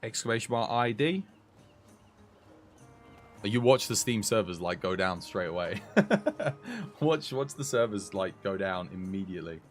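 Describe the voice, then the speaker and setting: A man commentating his live game stream, excitable and chatty, talking to his chat. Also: lowish voice, unhurried, pauses often, soft background music.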